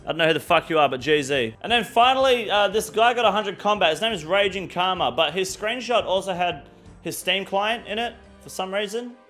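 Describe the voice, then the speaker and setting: A man's voice: high-pitched, expressive, fairly quick, sharp tone, faint music behind. A man hosting a weekly gaming news show, ranting bluntly and crudely with plenty of swearing. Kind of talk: casual gaming news rant.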